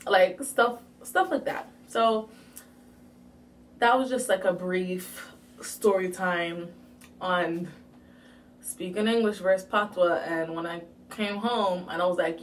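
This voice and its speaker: Lively young woman from Jamaica, storytelling. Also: medium pitch, measured pace, recorded from a distance, a little hiss or hum. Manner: lively, animated storytelling with playful asides. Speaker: vlogger. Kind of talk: casual story time.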